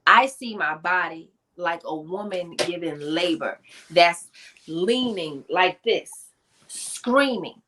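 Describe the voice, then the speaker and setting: A woman telling her personal testimony in an animated storytelling style, acting out voices and laughing often. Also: on the low side, takes it slowly. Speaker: guest, motivational speaker.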